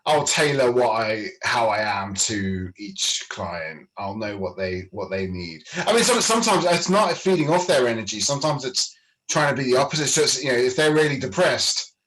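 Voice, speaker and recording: A man's voice: mid-range voice, moderate pace, poor audio. A man from Britain, a coach chatting on a panel, laughing as he tells stories. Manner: laughing, lively anecdote teller. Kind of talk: casual panel chat.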